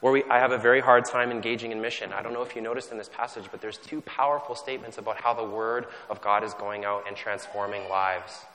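A man's voice: on the low side, fairly even intonation, quick pace, hardly any pauses, sharp tone. A man from Canada preaching a sermon in a conversational, self-deprecating way, often restarting his sentences. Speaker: pastor. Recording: long hall reverb.

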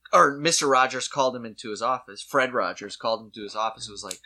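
A man in casual comedic chat, telling an animated story and slipping into put-on voices. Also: medium pitch, quick pace.

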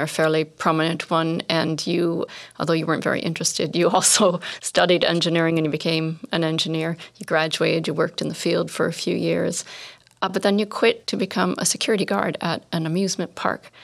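A woman interviewer asks short, direct questions. Her voice is low and flat with a gravelly edge. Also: fairly quick. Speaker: interviewer, podcast host.

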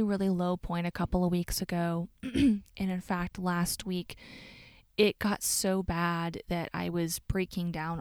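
A woman's voice: lowish voice, darkish tone, smooth, no echo, studio quality. A woman hosting a solo podcast, talking candidly and reflectively about her own life, often restarting her sentences. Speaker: podcast host.

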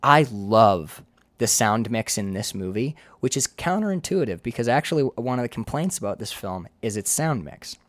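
A man from Michigan's Upper Peninsula co-hosting a casual film podcast, animated and swearing freely as he raves about movies. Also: medium pitch, moderate pace, no echo. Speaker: podcast co-host.

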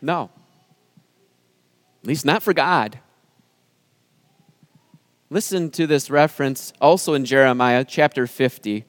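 A man's voice: mid-range voice, no room sound. Earnest man preaching a sermon. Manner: earnest, emphatic, with dramatic pauses. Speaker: pastor.

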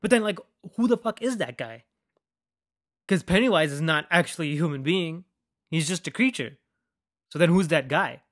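A young man rants about a movie on his podcast, loose and mocking, with swearing in nearly every sentence. His voice sits a little high for a man, and he jumps between loud outbursts and low muttering. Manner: animated, swears constantly, mocking. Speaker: podcast host. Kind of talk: casual profane movie rant.

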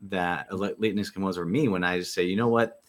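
A man's voice: sits low, steady tone, fast talker. A man hosting a podcast, reflecting in an affirming way on what his guest shared. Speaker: podcast host. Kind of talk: reflective conversation.

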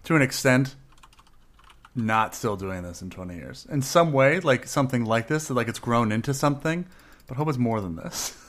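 A man's voice: mid-range voice, lively intonation, moderate pace, fairly bright tone. A man co-hosting a casual podcast, joking and rambling, laughing often. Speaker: podcast co-host.

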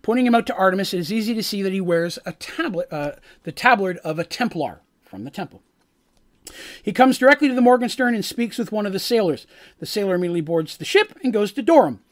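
A man's voice: high voice, expressive, fast. A man game master recapping a tabletop game session, rambling with many fillers and asides.

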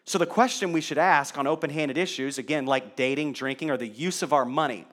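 A man's voice: on the high side, fairly quick, few pauses, a bit bright. A male pastor preaching a sermon in a conversational way, asking the congregation rhetorical questions.

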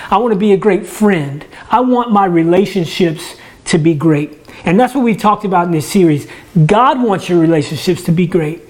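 Speaking from home, a man who runs a church ministry gives a casual sermon in a high, expressive, slightly mellow voice at normal speed. His manner is conversational, with frequent word restarts and jokes about himself.

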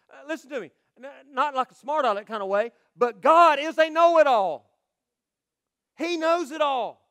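A male pastor preaching a sermon, swinging between loud proclamations and quiet, quick asides. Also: very high voice, expressive.

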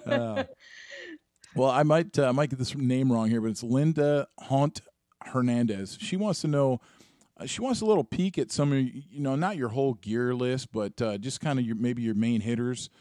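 Easygoing interview host with a mid pitch, a halting delivery and a dry sound. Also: dry recording. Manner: relaxed, with hesitant fillers. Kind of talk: casual interview.

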